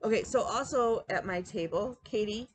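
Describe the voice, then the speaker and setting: A woman's voice: medium pitch, moderate pace, husky. Chatty woman telling a story. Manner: chatty storytelling, lots of fillers and quoted dialogue. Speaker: flosstube host. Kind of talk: casual chat.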